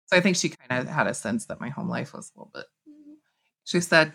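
A middle-aged woman telling personal stories in conversation, lively, acting out what people said. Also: extremely low pitch, fairly quick, creaky. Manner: animated, acts out quoted speech. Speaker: guest author. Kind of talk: conversational storytelling.

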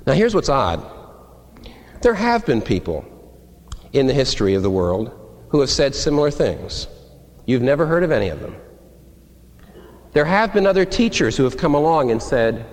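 A male pastor preaching a sermon in an animated, conversational way, acting out quotes. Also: mid-range voice, normal speed, pauses often. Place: church sanctuary. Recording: long reverb of a large hall.

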